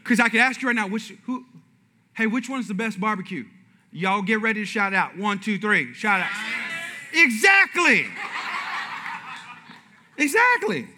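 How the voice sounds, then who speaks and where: A man preaching a sermon as pastor, telling animated stories and calling on the congregation to shout out. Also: high-pitched, a little hiss or hum. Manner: animated storytelling, asks audience to shout out; shifts from loud excited to quiet slow and intimate.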